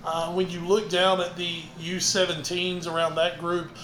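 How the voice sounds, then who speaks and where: A man's voice: high voice, flat delivery, moderate pace, fairly bright tone. A man co-hosting a sports podcast, chatting in an easygoing way. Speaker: podcast co-host. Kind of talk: casual sports chat. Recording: roomy, faint hiss.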